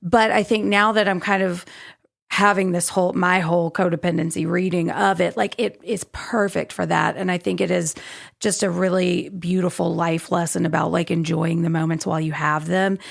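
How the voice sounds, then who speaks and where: Gravelly-voiced woman podcast co-host. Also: on the low side, little pitch movement, moderate pace. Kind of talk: casual book discussion.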